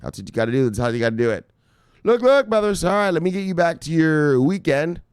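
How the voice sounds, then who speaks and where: A man's voice: fairly high pitch, big pitch swings, fast talker, smooth, no echo, studio quality. A man hosting a crypto news channel, talking in a playful, hyped, casual way with lots of laughter. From Miami Beach, Florida. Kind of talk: casual video commentary.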